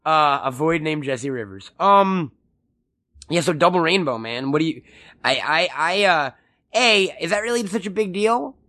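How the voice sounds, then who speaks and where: A man's voice: fairly high pitch, lively intonation, normal speed, pushed and bright. A man co-hosting a casual audio podcast, joking, swearing freely and acting out quotes in silly voices. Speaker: podcast co-host. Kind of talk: casual chat. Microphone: studio mic, audio-only podcast.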